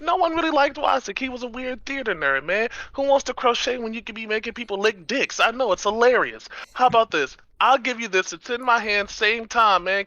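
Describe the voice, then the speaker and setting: A man's voice: high-pitched, pushed and bright, dry recording, highs cut off. A man playing a tabletop character, talking in a brash, hustling way. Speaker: player. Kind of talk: tabletop game role-play.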